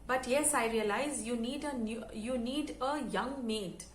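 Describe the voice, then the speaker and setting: A woman's voice: on the high side, unhurried, reverberant, a little hiss or hum, close to an everyday voice, poor audio. A woman voicing an elderly devoted house maid, humble and emotional, speaking in a raised, pleading way. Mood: tender.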